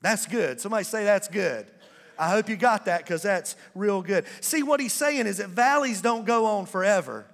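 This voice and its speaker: Male pastor, high tenor, unhurried call-and-response preaching, reverberant sanctuary. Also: animated, vocal fry, fairly bright tone. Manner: call-and-response preaching, drawn-out emphatic words. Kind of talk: sermon. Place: church sanctuary.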